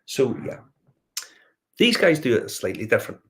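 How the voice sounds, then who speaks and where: A man's voice: mid-range voice, sing-song, moderate pace. A Northern Irish man hosting a whiskey review show, telling a rambling anecdote in casual chat, full of fillers and restarts. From Northern Ireland.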